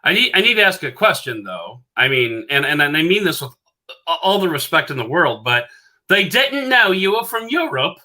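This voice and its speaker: A podcast host with a fairly high, bright voice, big pitch swings and a forceful tone speaks at a moderate pace during an interview. He chats casually and rambles, with lots of fillers and restarts, laughing at his own stories.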